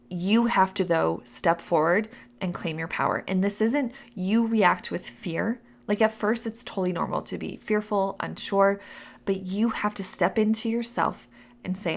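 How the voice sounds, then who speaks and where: A woman's voice: mid-range voice, moderate pace, vocal fry. A young adult woman hosting a podcast, telling personal stories in a chatty, casual way. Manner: chatty, acts out voices in quotes. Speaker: podcast host. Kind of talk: casual storytelling.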